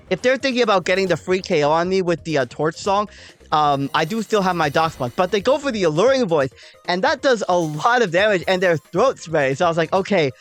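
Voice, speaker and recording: A woman hosting a gaming channel talks through a game battle casually and chattily, explaining her thinking with frequent "um" and "like." Her pitch is fairly low.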